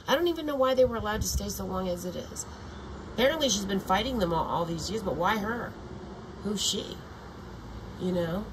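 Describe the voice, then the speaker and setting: A woman's voice: medium pitch, very animated, normal speed, slight background noise, rough recording. An older woman vlogging in a meandering, profane monologue full of restarts. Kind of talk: rambling casual monologue.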